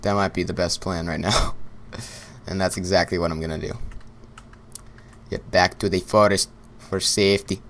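A man's voice: low-pitched, little pitch movement, normal speed, pauses often, a bit bright. A young man giving casual gameplay commentary, rambling and repeating himself while he plays, often laughing. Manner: rambling and repetitive, talking to himself, with bursts of laughter.

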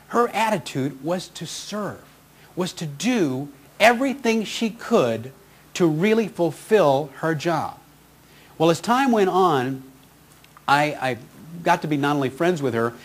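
Animated, expressive man telling a heartfelt story. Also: a little high. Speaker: radio host and motivational speaker. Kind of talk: inspirational storytelling speech.

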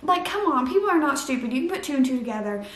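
A woman's voice: high voice, very animated, fast, slight background noise. A tired young woman chatting casually in a late-night book vlog, rambling with lots of "like" and "literally". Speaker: book vlogger.

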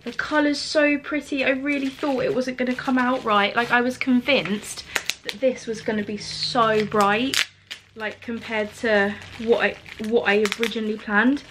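A woman chatting in a studio vlog, excited and emotional, often laughing and dropping to soft whispers. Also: a little high, normal speed, background noise. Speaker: small business owner vlogging. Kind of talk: casual studio vlog chat.

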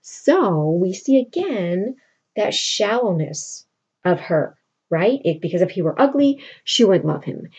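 A woman teacher retelling a play for her class, animated and chatty, peppered with "like". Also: medium pitch, unhurried, husky. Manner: animated storytelling with lots of "like". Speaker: literature teacher.

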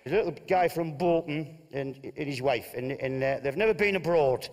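Man, joke-telling, rambling with restarts, slightly high voice, long hall reverb. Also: normal speed.

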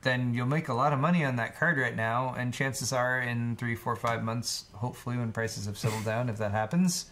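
A man's voice: medium pitch, fairly even intonation, normal speed, hardly any pauses, fairly bright tone, a little hiss or hum. Casual male co-host explaining tech. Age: adult, married. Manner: explanatory, repeats words when starting. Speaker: co-host reading donations. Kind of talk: casual livestream chat.

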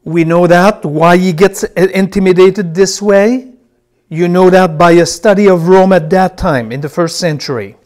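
A man's voice: high voice, moderate pace, darkish tone. A man teaching a Bible class, who repeats key phrases and tells his students which words to circle as he reads.

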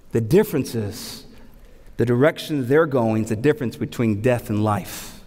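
A man in his thirties, a pastor preaching a sermon, animated and repeating key phrases for emphasis between humorous stories. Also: medium pitch, normal speed. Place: church sanctuary. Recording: long hall reverb.

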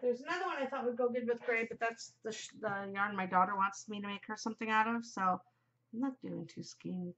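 A woman's voice: a little high, brisk, fairly bright tone, slight background noise. A middle-aged woman hosting a casual chat podcast, chatty, emotional and gushing as she talks. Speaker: podcast host. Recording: muffled lo-fi home recording.

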